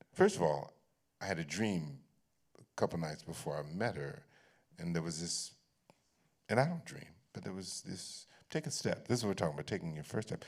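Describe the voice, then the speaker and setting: A man as an onstage guest, telling candid personal stories in an animated way, often laughing and restarting his phrases. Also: sits low. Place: library event stage.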